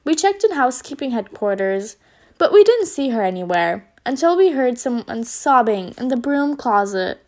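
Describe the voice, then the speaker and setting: Female storyteller for kids, high-pitched, expressive delivery. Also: moderate pace. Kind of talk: children's story reading.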